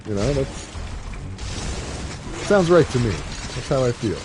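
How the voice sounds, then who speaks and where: A man's voice: medium pitch, very animated, slow, music in the background. Rambling, joking male streamer. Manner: rambling, joking, many fillers. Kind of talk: casual gameplay chat. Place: home streaming setup. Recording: game audio noise underneath.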